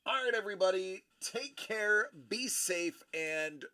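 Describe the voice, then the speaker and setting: Male host, forties, slow and easy delivery, joking manner. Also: sits high, lively intonation, sharp tone. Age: 40s. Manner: playful, teasing, jokey sign-offs. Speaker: host of a live card-opening stream. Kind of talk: casual live-stream chat.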